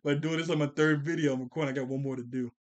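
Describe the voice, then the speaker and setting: A man's voice: a little high, fairly even intonation, rapid-fire. A man recapping a cartoon episode in casual, rambling talk, correcting himself and tired from a long day of recording. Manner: rambling, self-correcting, acts out character lines in a raised voice. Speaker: show reviewer.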